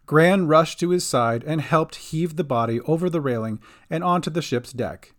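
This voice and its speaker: A man giving scripted narration of a fantasy audio story, expressive and doing all the voices himself. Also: fairly high pitch, normal speed.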